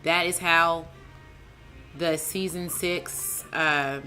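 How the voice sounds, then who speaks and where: A woman with a low yet bright, forceful voice, talking slowly through a casual TV episode recap. She is excitable and chatty, addressing her co-host and viewers with lots of "like", "man" and "dude". Faint music plays behind her. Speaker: TV show reviewer, channel host.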